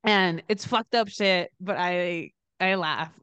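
A young woman chats on a podcast in a smooth, clear voice recorded close and dry. She talks candidly, laughs often, and acts out the lines of the people she describes. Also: on the low side, slow pace, fairly bright tone, dry recording. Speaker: podcast co-host. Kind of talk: casual chat.

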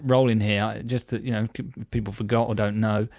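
A man's voice: fairly low pitch, level tone, fairly quick, a little mellow, dry recording, studio quality. A man co-hosting a podcast in casual chat, rambling and upbeat with many fillers. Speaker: podcast co-host.

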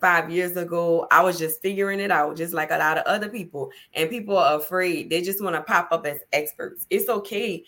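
A woman hosting a casual podcast conversation, her voice sitting a bit low. She talks in an emphatic, chatty, motivational way, leaning into her points. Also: fairly quick, few pauses, fairly bright tone. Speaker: podcast host.

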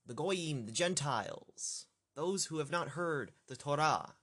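A man working through a scripture passage aloud as a teacher, thinking out loud, halting and correcting himself. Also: a little high, animated. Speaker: Bible study teacher.

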